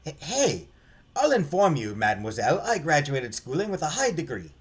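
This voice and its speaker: A man's voice: fairly high pitch, sing-song, moderate pace, husky. A man voicing a snooty young male art graduate in a game, speaking in a put-on French accent with flowery, courtly manners. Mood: gallant.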